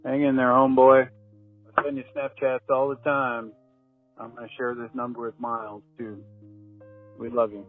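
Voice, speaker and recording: A man's voice: medium pitch, completely flat delivery, moderate pace, pauses often. A man leaves a casual, affectionate voice message for a friend. His voice sounds thin and phone-like. Faint music plays underneath. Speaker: caller leaving a voice message.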